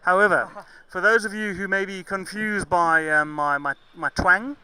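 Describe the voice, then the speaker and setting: A man from Zambia with a mixed southern African and English accent commentates live cricket in a chatty, joking way. His voice sits high and rings very bright. He fixes his own slips as he goes. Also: fairly even intonation, normal speed, clean tone, poor audio. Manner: chatty, jokey, self-correcting.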